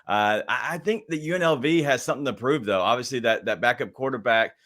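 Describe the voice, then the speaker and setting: A man co-hosting a sports betting show, amused and halting, with plenty of fillers. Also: mid-range voice, a bit bright. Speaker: co-host.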